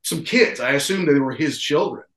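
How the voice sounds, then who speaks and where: A man telling a story in casual podcast chat, excited and rambling with many restarts. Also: a little high, moderate pace, reverberant. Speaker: podcast co-host.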